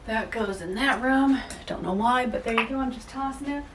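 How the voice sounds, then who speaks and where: A woman's voice: fairly high pitch, normal speed, noisy background. Chatty woman vlogging from an echoey home. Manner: playful, joking, self-mocking asides. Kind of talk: casual chatty vlog while cleaning. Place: inside a house. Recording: echoey room, mic far off.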